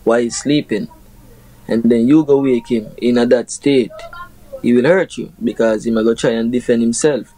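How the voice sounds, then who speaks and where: A young Jamaican reggae artist gives a casual interview in a relaxed, unhurried way, his mid-range voice mellow and dark. The audio is poor, close and dry with no room sound. He explains ideas through proverbs and leans on "you know" as he goes.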